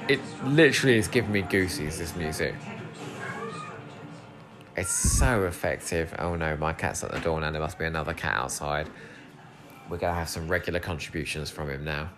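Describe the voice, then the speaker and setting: English male podcast host, low voice, chatty and fired up, swears casually. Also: moderate pace, over music. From England. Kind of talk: solo episode commentary. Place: home room with a cat.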